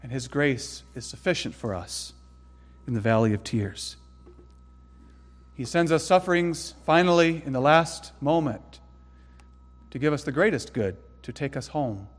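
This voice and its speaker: A man preaching a sermon in an earnest way, dropping to hushed tones and rising to sudden loud emphasis. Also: mid-range voice, expressive, measured pace, long reverb tail, faint music behind. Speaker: pastor.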